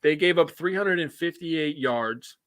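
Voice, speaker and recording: Bright joking man reading football stats. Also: a little high, no echo. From United States. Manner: loose and joking, reads stats haltingly. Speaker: podcast co-host. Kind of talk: casual sports talk chat.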